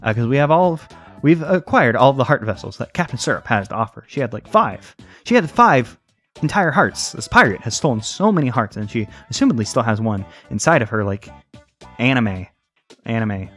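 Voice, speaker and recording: A man's voice: mid-range voice, big pitch swings, fast, soft background music. A young man giving casual, rambling, jokey commentary while playing a video game, often correcting himself mid-sentence. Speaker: let's play commentator.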